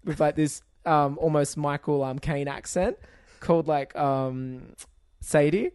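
A man's voice: fairly high pitch, a little slow, a little mellow, smooth, no room sound, clean studio sound. A man co-hosting a podcast, talking casually and animatedly, laughing and swearing as he tells stories. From Australia. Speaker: podcast co-host. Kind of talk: casual chat.

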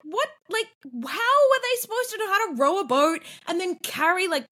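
A woman hosting a podcast in casual chat, animated and sweary, laughing often. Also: very high voice, moderate pace. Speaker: podcast host. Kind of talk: casual chat recapping a TV show.

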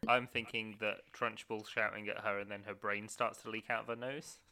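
A man's voice: on the low side, level tone, normal speed, pushed and bright. A man co-hosting a podcast in casual chat, playful and fond of morbid jokes. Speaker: podcast co-host.

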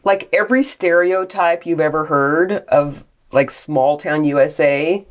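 A low-voiced woman chats casually as co-host of a podcast. She tells stories in an animated way, laughing and swearing freely. Recorded on a portable mic in a closet. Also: a little slow. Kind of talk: casual chat. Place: closet in a cottage.

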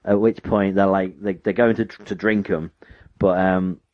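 A man recounting a scary experience with lively retelling, acting out quoted lines. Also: low-pitched, measured pace, no echo. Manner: animated, acts out quoted lines in character voices. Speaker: storyteller recounting an immersive horror experience. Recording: dull, dry recording.

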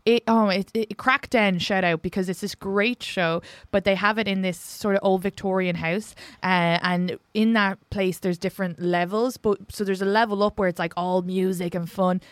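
An Irish woman in her twenties or thirties chats in a rambling, animated way, piling on fillers as she tells a story. Her voice sits at a middle pitch and sounds close and dry, with no room around it. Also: moderate pace, few pauses, dry recording. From Ireland. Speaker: podcast host. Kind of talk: casual comedic chat.

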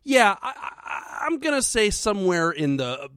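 High-voiced, bright man riffing on a podcast. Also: big pitch swings, unhurried, slight background noise. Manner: playful, riffs on scenes, chuckles. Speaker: podcast co-host. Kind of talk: casual comedic chat.

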